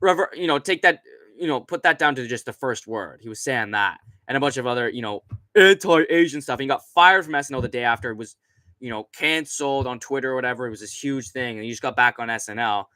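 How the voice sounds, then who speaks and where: Sitting at a computer with a desk mic right in front of him, a young man hosts a casual late-night stream. He rambles and swears with lots of fillers, in a mid-range voice that's bright and forceful at a quick pace. The recording is dry.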